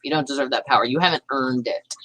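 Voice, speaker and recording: A woman with a Southern accent hosting a livestream, ranting fast about politics and reading out viewer comments. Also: a bass voice, fairly bright tone, poor audio. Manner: fast, heated, talks to chat viewers. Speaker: livestream host reading chat. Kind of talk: casual political livestream chat.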